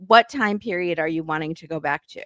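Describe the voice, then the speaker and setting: A woman co-hosting a casual podcast with wry, quick asides. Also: sits low, dry recording, studio quality. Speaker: podcast co-host. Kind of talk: casual chat.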